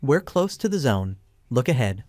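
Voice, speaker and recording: A man reading the lines of a calm, thoughtful young male hero who explains things steadily. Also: medium pitch, moderate pace, no room sound, lightly acted.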